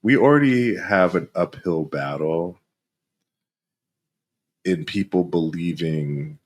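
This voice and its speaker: A man with a very low voice who talks slowly and deliberately. He co-hosts a casual podcast and lays out a touchy subject carefully, hedging often with ums and pauses. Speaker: podcast co-host. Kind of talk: casual chat.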